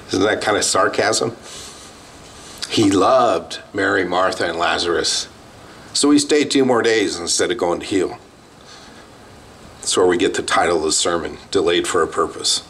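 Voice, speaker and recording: A man's voice: sits low, moderate pace, pauses often, fairly bright tone, a little hiss or hum. A man, a pastor, preaching a sermon in a plain, conversational way with bursts of emphasis. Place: outdoor drive-in church service.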